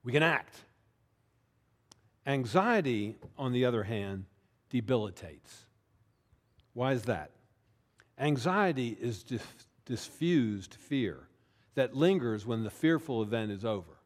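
A man preaching a sermon as pastor, talking in a conversational way, often checking in with listeners and slowing down to stress key words. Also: medium pitch, expressive.

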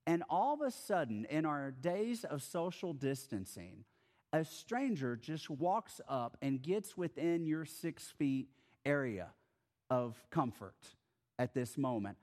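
A male pastor delivering a sermon in a relaxed, conversational manner. His voice sits a touch high for a man and swings up and down with a lot of life as he tells the story. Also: slow.

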